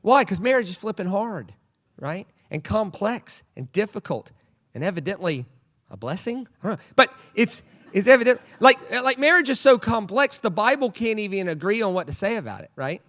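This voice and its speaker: At normal speed and in a voice that sits high, a male pastor gives a lighthearted sermon in a church sanctuary. He brings his stories to life with playful comic voices.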